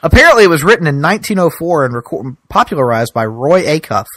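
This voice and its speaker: A man co-hosting a podcast in casual chat, with a dry, deadpan, grumbling manner. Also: a little high, fast talker, no room sound. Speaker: podcast co-host.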